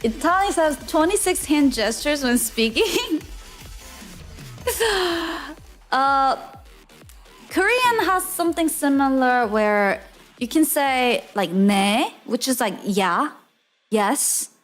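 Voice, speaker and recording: Woman, streamer, high voice, chatty, laughs a lot, casual storytelling, faint background music. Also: animated, takes it slowly. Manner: chatty, laughs often, lots of "like" fillers.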